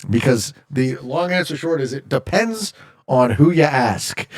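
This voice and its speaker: A male streamer from Canada chatting casually with his viewers while he plays. His voice is gravelly and a little husky, and his pitch swings up and down a lot. He reads chat messages out loud and cracks jokes in reply. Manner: jokey, reads viewer chat aloud and answers.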